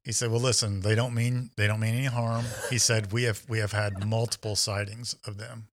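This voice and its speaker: Speaking briskly in a fairly low voice, a man shares a story during a casual podcast conversation. He tells it with energy, imitating the voices of the characters he quotes.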